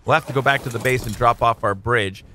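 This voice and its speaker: A man giving excitable, jokey let's-play commentary as a gaming video host, talking to his tamed creatures. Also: mid-range voice, quick pace, a little hiss or hum. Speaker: gaming YouTuber.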